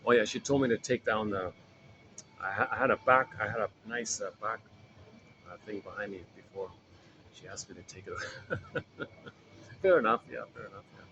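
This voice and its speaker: A man's voice: on the low side, moderate pace, pauses often, fairly bright tone, dull audio, slight background noise. Rambling man coaching a group. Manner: rambling, repeats words and restarts phrases. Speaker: self-help group facilitator. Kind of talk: casual coaching talk.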